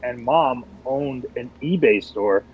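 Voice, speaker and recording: A man guesting on a podcast, telling stories in a relaxed, playful way. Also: mid-range voice, takes it slowly, husky, narrow, tinny audio. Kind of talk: casual chat.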